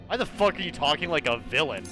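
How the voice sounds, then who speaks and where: A young man commentating casually on a blind let's play, excitable, profane and sarcastic. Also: fairly high pitch, quick pace, music in the background. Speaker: gaming streamer.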